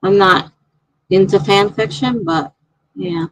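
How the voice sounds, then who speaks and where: A woman's voice: medium pitch, takes it slowly, dull audio, slight background noise. A woman hosting a live stream, chatting casually and reading out viewer comments in a rambling way.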